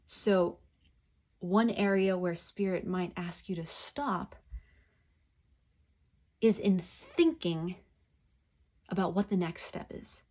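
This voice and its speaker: A woman giving a pick-a-card tarot reading, talking in a gentle, effusive, spiritual way. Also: fairly low pitch, slow pace, long pauses.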